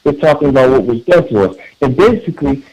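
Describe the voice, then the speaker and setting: A man's voice: mid-range voice, expressive, quick pace, a little mellow, slightly rough, rough recording. A man calling in to a radio talk show, speaking in an earnest, emphatic way with frequent repeated words and restarts. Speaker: caller.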